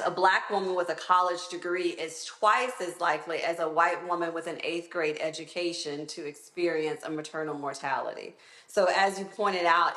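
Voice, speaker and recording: A woman interviewed as a health expert, answering in a clear, deliberate, explanatory way. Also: fairly low pitch, fairly bright tone, roomy sound.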